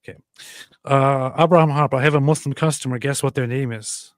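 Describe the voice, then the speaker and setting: A man's voice: mid-range voice, steady tone, a little fast, no room sound. A man hosting a live-stream, chatting casually and sarcastically while reading chat messages. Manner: rambling, sarcastic, lots of fillers. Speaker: stream host.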